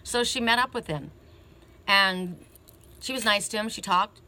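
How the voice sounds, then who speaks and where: A woman's voice: mid-range voice, a little slow, sharp tone. A woman giving an oracle card reading, who tells the story in a rambling, casual way. She keeps restarting her sentences and tags them with "you know" and "right?". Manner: self-interrupting, restarts her sentences often.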